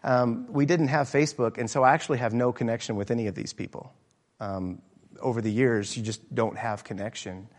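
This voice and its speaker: A middle-aged pastor preaching an earnest sermon, often pausing with fillers and restarts. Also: male voice, mid-range voice, steady tone. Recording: hall reverb.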